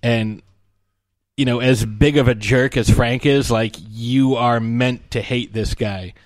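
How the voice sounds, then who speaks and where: Man, co-host, casual movie chat, animated retelling, mid-range voice, dry close sound. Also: mid-range voice, slow, dry recording. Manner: animated storytelling with frequent laughs and fillers.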